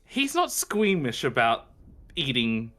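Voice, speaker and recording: A man playing a tabletop game, chatting casually in an excitable way. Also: medium pitch, takes it slowly. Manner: excitable, laughing often. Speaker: player.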